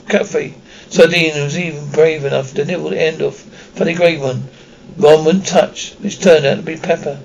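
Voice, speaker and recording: Gravelly man reading a novel aloud. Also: fairly high pitch, a little mellow, a little hiss or hum, poor audio. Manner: reads with frequent slips and restarts. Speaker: audiobook reader.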